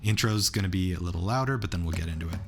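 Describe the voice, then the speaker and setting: A man's voice: low voice, very fast. A man running an online beatboxing workshop, counting out rhythms and talking through patterns in a loose, enthusiastic way. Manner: counts beats aloud and breaks into beatbox sounds; enthusiastic, loose, restarts often. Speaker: beatboxing instructor.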